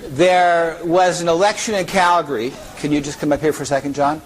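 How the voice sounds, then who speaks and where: A man's voice: fairly high pitch, a little fast, a little hiss or hum, low-quality recording. Joking keynote speaker, man. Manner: lively, joking, pulls audience members on stage. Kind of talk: conference keynote with audience role-play.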